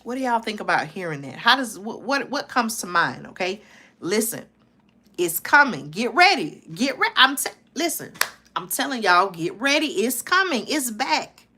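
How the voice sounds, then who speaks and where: Reading a news report on her live stream, this host keeps cutting in with urgency, repeating points and urging viewers with "listen, y'all" and "okay?" Her voice is fairly high and sing-song with a sharp tone, at a moderate pace over slight background noise.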